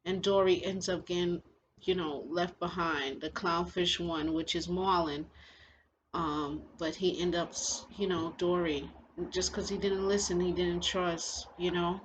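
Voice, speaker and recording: A woman's voice: fairly low pitch, steady tone, a little slow, lo-fi sound, slight background noise. A woman giving casual spiritual commentary as a vlogger, rambling and leaning heavily on filler phrases. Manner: rambling, heavy on "you know" fillers.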